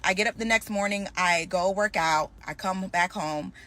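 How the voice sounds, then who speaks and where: A young woman talks straight to camera in a storytime vlog, full of energy and switching between herself and the other people in her story. Her voice sits at an ordinary middle pitch for a woman, with nothing unusual about its tone. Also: moderate pace. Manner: animated, acts out both sides of the conversation.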